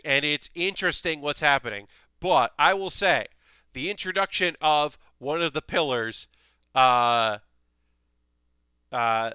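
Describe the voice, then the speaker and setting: A young man talks through his picks in a loose, animated ramble, full of fillers and restarts. His voice is bright and smooth and sits a little high. The sound is dry and close. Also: dry recording. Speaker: anime video host. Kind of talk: casual commentary.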